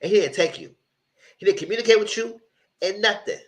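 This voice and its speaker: A man's voice: high-pitched, a little fast. Man ranting through a TV recap. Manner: exasperated, ranting, blunt with swearing. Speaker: TV reality show reviewer. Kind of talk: casual live recap commentary.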